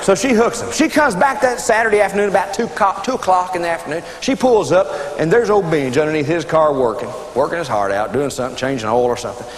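A man preaching a sermon, telling a folksy joke story in an animated way to a congregation. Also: on the high side, quick pace, few pauses. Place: church hall with congregation. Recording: echoey hall, loud audience and noise.

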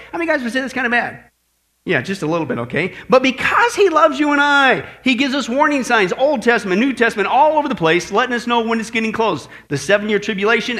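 High-voiced joking male preacher. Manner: joking, lively storytelling preacher. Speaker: pastor. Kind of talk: sermon.

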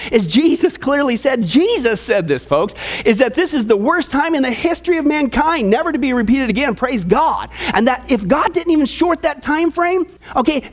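A man preaching as pastor, telling jokes and bantering with his audience in an animated way. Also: high voice. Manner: animated, jokey, tosses in audience asides. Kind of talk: joking sermon.

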